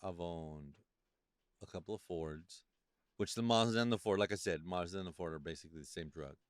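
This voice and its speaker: A man hosting a casual podcast chat, telling animated stories and swearing freely. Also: sits low, fairly quick, clear, resonant tone, no echo, studio quality. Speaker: podcast host.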